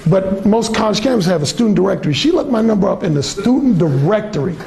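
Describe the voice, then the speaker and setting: A man's voice: high-pitched, animated, quick pace, vocal fry, dark tone. A man coaching a class on dating through bold, profane, swaggering stories. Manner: bold, blunt, swaggering, lots of cursing. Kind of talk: profane storytelling lecture.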